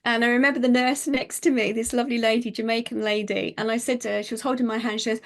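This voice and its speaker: A middle-aged woman, a psychic medium telling her life story in an interview, animated and chatty with many fillers. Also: fairly high pitch, fast talker. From United Kingdom.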